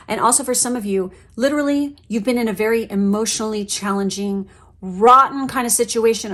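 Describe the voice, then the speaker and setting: A woman giving a pick-a-card tarot reading, talking earnestly and encouragingly, often checking in with "okay?" and swearing casually. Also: mid-range voice. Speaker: tarot reader.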